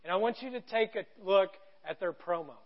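A man in his thirties preaching a sermon, telling a story with animated quoted voices. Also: high voice, fairly quick, background noise. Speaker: pastor. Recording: dull lo-fi sound.

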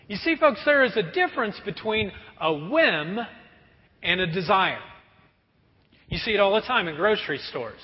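A pastor preaching a sermon to a congregation, lively and often acting out everyday scenes in quick put-on voices. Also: male voice, high voice. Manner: animated, acts out kids and parents in quick voices. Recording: muffled sound with long hall reverb.

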